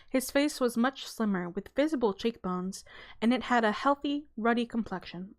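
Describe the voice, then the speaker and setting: A woman hosting her channel, reading a children's novel aloud in a relaxed, casual way with small stumbles and self-corrections. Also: on the high side, normal speed. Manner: breaks off for a light aside and a laugh.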